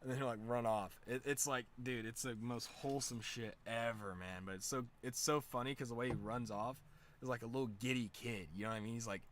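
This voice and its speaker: A man's voice: brisk, slight background noise. A young man streaming, telling a rambling casual story with lots of slang and fillers, laughing often. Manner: excited, louder and higher when amused.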